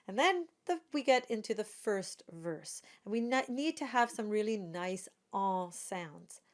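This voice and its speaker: A woman walks a student through pronunciation at an unhurried pace. She models each sound carefully and repeats it. Her pitch sits in an ordinary middle range. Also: animated. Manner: patient, models sounds slowly and repeats them. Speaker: singing and pronunciation coach. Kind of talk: pronunciation lesson.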